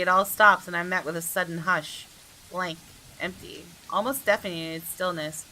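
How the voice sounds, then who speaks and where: A woman's voice: fairly low pitch, sharp tone, slight background noise, rough recording. A woman reading aloud the first-person narration of a tense young man in a visual novel, in her own voice without putting on another.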